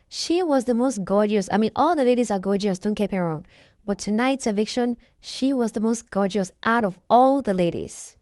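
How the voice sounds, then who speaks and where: A woman's voice: a little high, darkish tone, no echo, clean studio sound. A Nigerian woman with a stuffy nose from a cold, chatting emphatically and gossiping as she comments on a reality show. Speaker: reaction vlogger.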